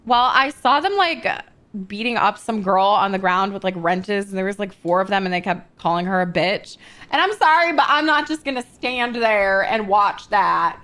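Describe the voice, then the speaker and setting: A woman's voice: mid-range voice, lively intonation, moderate pace, a bit bright. A woman in a casual in-character roleplay chat, venting freely and swearing often as she tells a story. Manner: vents freely, heavy swearing, breezy filler like "blah blah".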